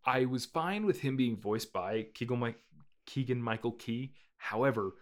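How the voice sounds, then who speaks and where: Rambling man chatting about a movie. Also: normal speed. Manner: rambling, filler-heavy, playfully mimics characters in squeaky voices. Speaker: podcast co-host reviewing a movie. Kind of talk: casual chat.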